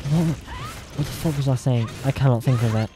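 A woman streamer chatting casually on stream, rambling, swearing and giggling, and practising a higher voice. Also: moderate pace, music in the background. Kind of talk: casual livestream chat.

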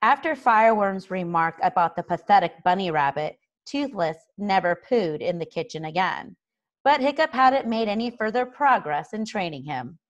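A woman reading a children's book aloud in an expressive, unhurried way. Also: medium pitch, highs cut off. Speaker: story reader.

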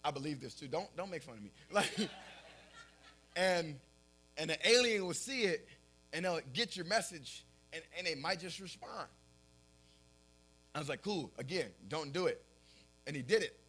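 A young man preaching in a high, bright voice. He talks casually, with lots of fillers, and often breaks into laughter as he tells his stories. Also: moderate pace, long pauses, slightly rough. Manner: animated storytelling, often laughing at his own story; casual filler-heavy talk. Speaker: pastor. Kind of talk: sermon.

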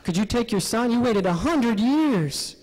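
A man presenting a Bible study session in an animated, laughing way, acting out the quotes. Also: extremely high pitch, a little slow. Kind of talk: lively Bible study talk. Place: parish hall. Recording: long hall reverb.

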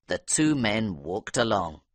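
Expressive male audiobook narrator. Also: lowish voice, slow pace, no echo, studio quality.

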